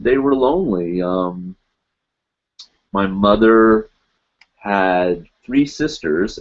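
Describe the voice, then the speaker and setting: A man in his forties from the United States talks casually to a live-stream audience. His voice sits low, and he rambles with many fillers. The sound is a little muffled and lo-fi.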